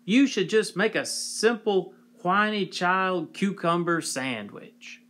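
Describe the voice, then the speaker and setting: Storybook role: read by a man as a cranky monster aunt, nasal and shrill, yelling and scolding. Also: expressive, slow pace, exaggerated voice. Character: angry loud nasal old aunt monster, woman.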